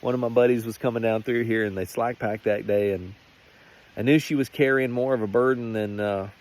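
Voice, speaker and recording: A man's voice: medium pitch, fairly even intonation, brisk, a little mellow. A man giving a rambling, earnest personal faith testimony in a vlog. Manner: earnest, rambling, many restarts. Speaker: faith vlogger.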